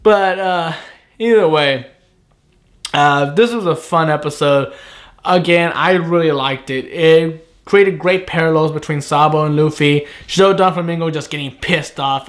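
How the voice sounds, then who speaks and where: A man giving a casual, rambling anime episode review, animated and profane. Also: on the high side, unhurried.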